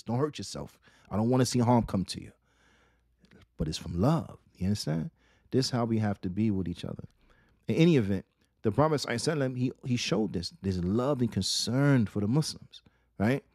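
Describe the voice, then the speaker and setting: A man giving a religious lesson, asking rhetorical questions, repeating key phrases and reading Arabic quotations quickly. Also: mid-range voice, a little mellow, no echo, clean studio sound. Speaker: Islamic teacher.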